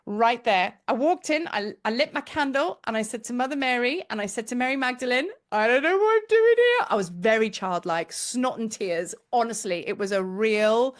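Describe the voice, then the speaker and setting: A middle-aged woman with a fairly high voice tells a personal story straight to camera. She is a spiritual teacher. She talks in a chatty, emotional way and acts out her own lines. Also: moderate pace, few pauses. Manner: chatty, emotional, animated quoting of herself. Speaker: spiritual teacher and tour leader.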